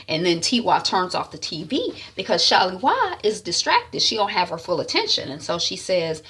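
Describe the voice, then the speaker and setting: A woman casually recapping a TV episode in a chatty, animated storytelling manner. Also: on the low side, normal speed, few pauses, slightly rough. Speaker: recap vlogger.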